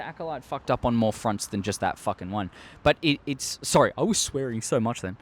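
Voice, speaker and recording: An Australian man hosting a casual opinion vlog, rambling and excitable, with heavy swearing, talking into a desk microphone. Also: medium pitch, fairly quick. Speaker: show host.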